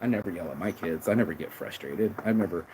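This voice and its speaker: A man's voice: low-pitched, fast, a little mellow, a little hiss or hum, poor audio. A man hosting a casual motivational monologue, blunt and profane, rambling and emphatic, often confessional and hard on himself. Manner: confessional, self-critical. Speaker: podcast host.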